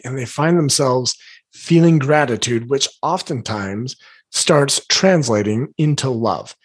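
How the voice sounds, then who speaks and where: Husky-voiced man coaching with earnest emphasis. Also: a little high. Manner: earnest and emphatic, repeats key phrases. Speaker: life coach. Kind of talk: motivational teaching talk to viewers.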